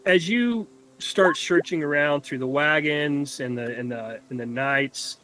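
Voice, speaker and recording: Slow, halting game master, a man. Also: on the high side, pushed and bright, a little hiss or hum. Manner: halting, searching for words. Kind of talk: narrating a tabletop game.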